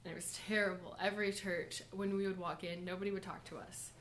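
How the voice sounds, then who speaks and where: A woman's voice: on the low side, little pitch movement, slight background noise. Young woman sharing a church testimony. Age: young adult. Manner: soft, halting, with many fillers and nervous laughs. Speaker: college group member giving a testimony and lesson. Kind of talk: personal testimony to a church group. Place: church college group gathering.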